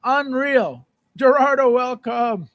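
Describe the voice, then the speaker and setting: A man hosting a casual live stream, chatting with viewers, repeating phrases and breaking into playful shouted bits. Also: very high-pitched, slow, no echo. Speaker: livestream host. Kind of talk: casual live chat reading viewer comments.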